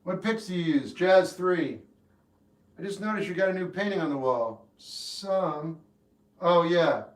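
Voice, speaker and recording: A man hosting a livestream who answers chat questions in a deadpan, laconic way, with short replies. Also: high-pitched, a little slow. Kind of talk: casual chat. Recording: echoey room with guitar behind.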